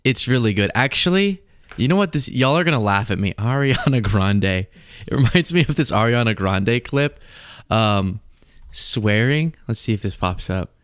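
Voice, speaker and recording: A man's voice: medium pitch, expressive, moderate pace, a bit bright, smooth, dry recording. Male commentary host, mid voice, dry close mic, jokey and laughing. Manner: laughing, loose, swearing for comic effect. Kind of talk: casual political commentary.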